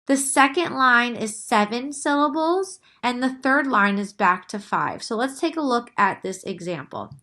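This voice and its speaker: A woman's voice: on the high side, expressive, unhurried, few pauses, sharp tone. A young woman teacher giving a recorded lesson, speaking patiently, drawing out her words and often checking in with "okay?".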